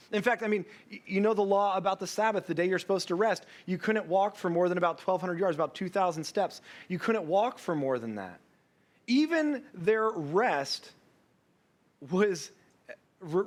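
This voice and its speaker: A man preaching a sermon as pastor, telling a story with humor and acting out the people in it. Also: sits high. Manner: storytelling with humor, acts out quoted voices.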